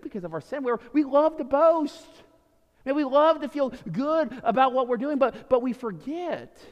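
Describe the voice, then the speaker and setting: A man preaching a sermon as pastor, animated, swinging from loud emphasis to quiet, low lines. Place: church sanctuary. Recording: reverberant church hall.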